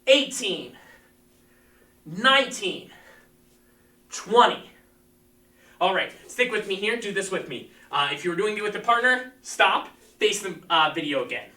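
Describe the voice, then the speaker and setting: A man's voice: sits high, animated, measured pace, long pauses, pushed and bright. A man teaching a live-streamed martial arts class, coaching energetically and calling out counts. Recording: echoey room, mic at a distance.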